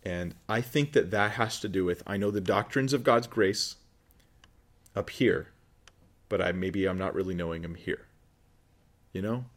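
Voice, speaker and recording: A man preaching as a pastor, talking through a scripture passage in a relaxed, conversational way and acting out quoted voices. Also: low-pitched, a little slow, pauses often. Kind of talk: sermon.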